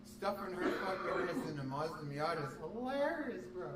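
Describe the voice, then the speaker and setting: A man holds forth on a livestream, crude and loud, cracking jokes and jumping into excited outbursts. He sits well back from the mic. The room rings around him and steady background noise runs under his voice. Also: on the high side, brisk, reverberant, distant mic. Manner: loud, profane and joking, with sudden excited outbursts. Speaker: livestream host. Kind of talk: casual livestream chat.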